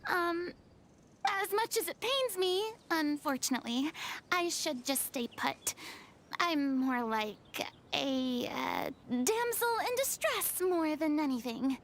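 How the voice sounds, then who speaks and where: An actress playing a proud, dramatic young former goddess in a video game, with a showy, self-mocking manner. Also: female voice, high voice, lively intonation, slow, fairly bright tone, slight background noise, heavily acted. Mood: flamboyant. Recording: game audio with music behind.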